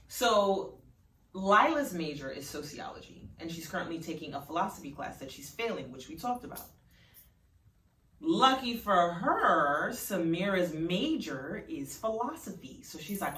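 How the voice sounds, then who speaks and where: A woman's voice: fairly low pitch, expressive, normal speed, fairly bright tone. A woman casually narrating her own story in a chatty, rambling way. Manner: chatty, filler-heavy. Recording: roomy, distant mic.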